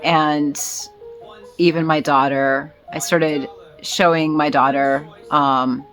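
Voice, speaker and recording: A woman's voice: deep voice, fairly even intonation, slow, fairly bright tone, faint music behind. A woman vlogging in a casual, rambling way, with many fillers and restarts. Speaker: vlogger and small business owner.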